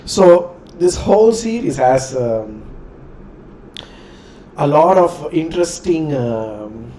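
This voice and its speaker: A man hosting a reaction video in casual commentary, often pausing to search for words. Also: on the high side, big pitch swings, dark tone, a little hiss or hum.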